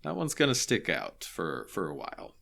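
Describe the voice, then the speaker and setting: A man's voice: sits low, huge pitch swings, normal speed, gravelly, fairly bright tone. A man co-hosting a casual gaming podcast, reacting playfully and talking straight to listeners. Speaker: podcast co-host.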